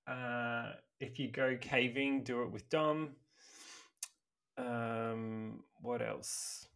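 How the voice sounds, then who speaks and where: A man's voice: medium pitch, fairly even intonation, very slow, vocal fry, fairly bright tone. A man co-hosting a podcast, easygoing and laughing along in casual chat. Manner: laid-back, laughing along. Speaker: podcast co-host.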